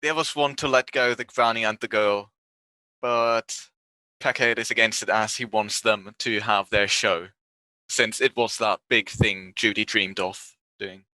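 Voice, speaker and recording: A man with a bright, forceful voice summarizes a film's plot in casual podcast talk. When he quotes the characters, his pitch jumps way up. The sound is dry and close. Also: fairly even intonation, unhurried, no room sound. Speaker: podcast co-host. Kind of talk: casual movie recap chat.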